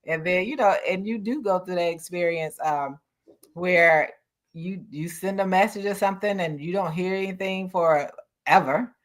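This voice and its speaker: A woman's voice: fairly low pitch, moderate pace. A woman in a casual chat, talking freely and laughing easily.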